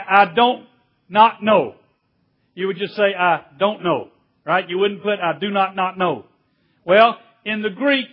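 A man preaching a sermon, emphatic, stretching key words and rising to near shouts at points of stress. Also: sits high. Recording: dull lo-fi sound.

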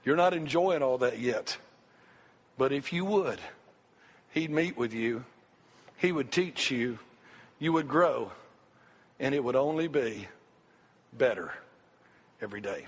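A man's voice: on the high side, normal speed, pauses often. A middle-aged man, preaching a sermon with an impassioned, repetitive cadence as a pastor. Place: church sanctuary. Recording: long hall reverb, faint music.

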